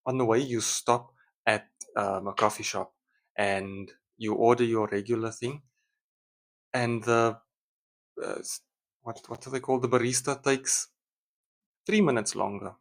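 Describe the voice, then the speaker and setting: A man speaks casually to his viewers in a somewhat low voice. He rambles, pauses on ums and restarts his sentences. He drops into a muttering, annoyed inner voice to act out his examples. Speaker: vlogger. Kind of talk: casual talk to camera.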